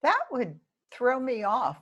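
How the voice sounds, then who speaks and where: A woman's voice: on the high side, sing-song, slow pace, fairly bright tone, highs cut off. A woman hosting a webinar, chatting casually and self-deprecatingly about practicing speeches.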